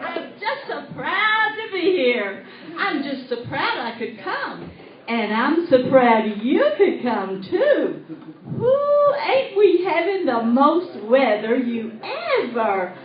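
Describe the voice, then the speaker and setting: A folksy, hollering rural country gal with a rural Southern accent, as a woman puts her on, drawls her stories slowly in a slightly high voice. It is a live comedy impersonation monologue on stage. The sound is a dull, echoey live recording taken from far off, with a faint hiss behind her. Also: very animated, exaggerated voice. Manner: folksy, hollering, giggly storytelling. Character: chatty rural country gal, hat with price tag. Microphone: tablet recording from the audience.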